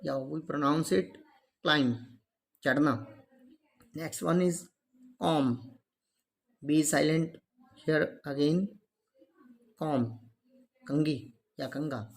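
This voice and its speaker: A man's voice: on the high side, fairly even intonation, unhurried, vocal fry. A man, teaching English pronunciation step by step and glossing words in Hindi. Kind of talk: classroom lesson on pronunciation.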